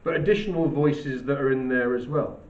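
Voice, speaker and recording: A male teacher giving an English lesson in a measured, explanatory way. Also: mid-range voice. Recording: roomy, distant, dull recording.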